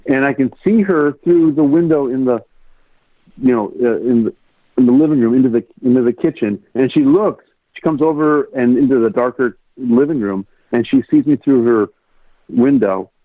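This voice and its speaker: A man, a guest on a podcast, telling a personal story in an animated way. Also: medium pitch, moderate pace, dry recording. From Rockford, Illinois, US. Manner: animated storyteller, acts out quoted lines in a raised voice. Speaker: guest, music producer. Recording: tinny phone-like line, dry.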